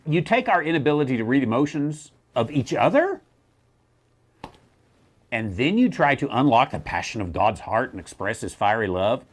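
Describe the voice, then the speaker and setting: A middle-aged theologian with a voice on the high side answers a question in casual teaching talk. He's wry and animated, often slipping into mocking voices.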